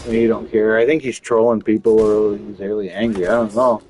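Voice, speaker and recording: A man's voice: fairly low pitch, flat delivery, fairly quick, dark tone, low-quality recording. A man chatting casually while he plays a game, rambling, swearing often and restarting his sentences. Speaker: gaming channel host.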